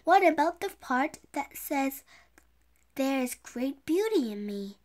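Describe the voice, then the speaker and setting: A woman's voice: high-pitched, very animated, slow, a little mellow, exaggerated voice. A woman reading a storybook aloud, voicing an eager, curious young girl with slight stumbles. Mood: puzzled. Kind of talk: read-aloud storybook dialogue.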